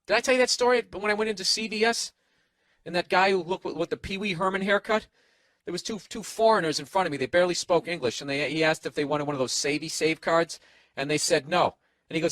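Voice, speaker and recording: The comedy podcast host now speaks fast in a fairly high, slightly bright voice with lively intonation, ranting sarcastically and profanely and acting out quoted voices. It's a single microphone in a hotel room, no headphones, and no echo.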